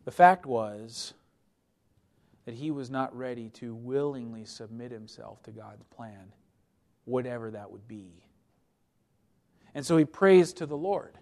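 A man preaching a sermon who reads scripture aloud, speaking with emphasis and swinging between loud pleading and quiet asides. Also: medium pitch, unhurried, pauses often.

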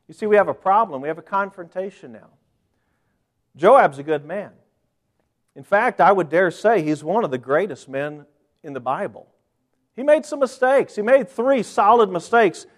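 Fervent high-voiced preacher. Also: male voice. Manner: fervent, rises to loud dramatic bursts when quoting scripture. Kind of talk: sermon. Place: church sanctuary.

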